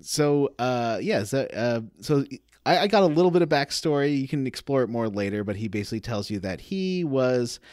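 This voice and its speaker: A man co-hosting a gaming podcast, chatting casually and telling stories with lively retellings. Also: medium pitch, moderate pace, few pauses, no echo, clean studio sound. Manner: animated storyteller, acts out character quotes. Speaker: podcast co-host.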